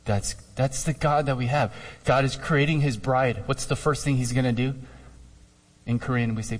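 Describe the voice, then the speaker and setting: A male pastor giving a conversational, animated sermon with jokey asides. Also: mid-range voice, normal speed. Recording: long hall reverb.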